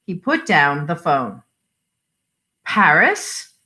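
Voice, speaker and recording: A woman reading a short story aloud for adult listeners, in a measured storytelling manner. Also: mid-range voice, sing-song, sharp tone. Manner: measured storytelling with voiced dialogue. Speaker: library story reader.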